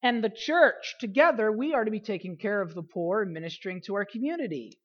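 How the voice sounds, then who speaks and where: A woman pastor preaching a sermon, repeating key phrases for emphasis and letting her voice fall softly at the end of phrases. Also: mid-range voice, lively intonation, fairly quick, husky, highs cut off.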